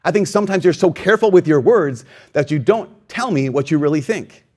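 A man preaching a homily as a priest, telling a personal story with animated quoted voices and self-deprecating humor. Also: fairly high pitch, fairly quick.

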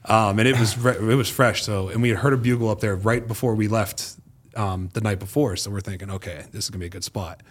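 A man's voice: lowish voice, steady tone, fast, slightly rough. A man from the eastern United States, a podcast guest telling a rambling, profane hunting story in casual chat. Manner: rambling, profane, acts out quotes.

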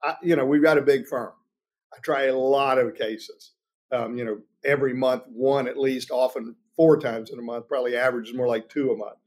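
A man's voice: medium pitch, brisk. A man, a trial lawyer, answering at length in a podcast interview, telling stories and acting out the people in them. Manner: animated storytelling, acts out quoted voices.

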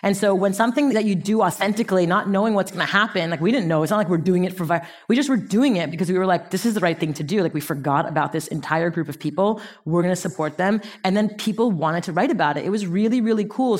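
A woman in her thirties giving a motivational business talk, telling stories with energy, acting out what people said and laughing often. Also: lowish voice. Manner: animated storytelling, acting out quotes, laughing. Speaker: speaker.

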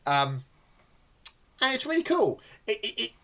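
A man's voice: very high-pitched, huge pitch swings, measured pace, fairly bright tone. A man co-hosting a casual podcast chat, who rambles with many ums and restarts. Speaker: podcast co-host.

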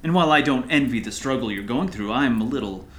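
A man's voice: mid-range voice, animated, quick pace, fairly bright tone, close to an everyday voice. A middle-aged man playing a talkative, folksy small-town pastor in an audio drama, who keeps calling others son. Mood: earnest.

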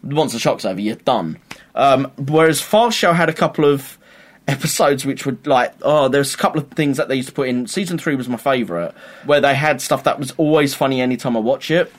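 A young man in casual chat, animated and rambling, often laughing as he talks. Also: mid-range voice, fairly quick.

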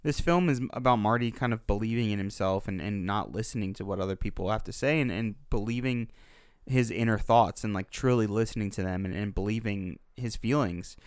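A man casually discussing a film as a podcast co-host, relaxed and reflective. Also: lowish voice, fairly quick, clear, resonant tone, no echo, studio quality. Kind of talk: casual film review chat.

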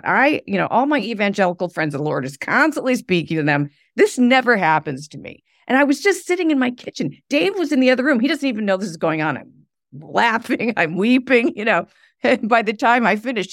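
A middle-aged woman, a podcast guest, telling animated stories and laughing often. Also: fairly high pitch, no room sound, clean studio sound. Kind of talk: conversational interview.

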